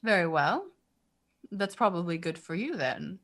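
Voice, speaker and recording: A woman speaking in character during a tabletop game. Her voice is low-pitched but bright and clear. She pauses often and fills the gaps with hesitant fillers. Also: big pitch swings. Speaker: player. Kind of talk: in-character tabletop role-play.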